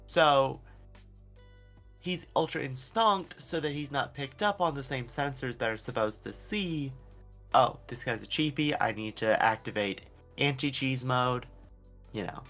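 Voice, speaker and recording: A man's voice: mid-range voice, a little slow, fairly bright tone, soft background music. A man chatting casually on a stream as co-host, explaining things hesitantly with lots of fillers.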